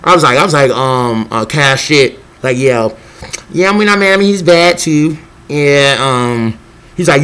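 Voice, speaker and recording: A young man rambling in a casual vlog monologue, excitable and profane, jumping between thoughts and acting out quotes. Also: normal speed. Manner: scattered, excitable, profane, acts out quotes in a high voice. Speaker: vlogger.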